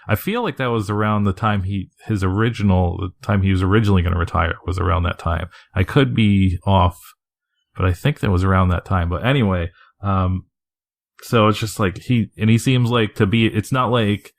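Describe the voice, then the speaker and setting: A man talking casually on a podcast, his voice sitting a bit low. He rambles, swears freely and laughs at his own asides. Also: brisk, creaky. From Northeast US. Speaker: podcast co-host.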